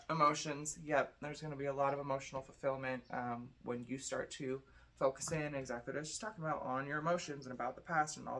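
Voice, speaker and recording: A woman's voice: a bass voice, a bit bright. A tired young woman giving a casual tarot reading, chatty and blunt, swearing freely. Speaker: tarot reader.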